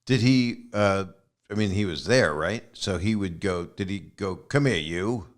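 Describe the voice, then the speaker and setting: A man hosting a conversation show, chatting casually and slipping deadpan jokes into his remarks. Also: sits low, measured pace. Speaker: host.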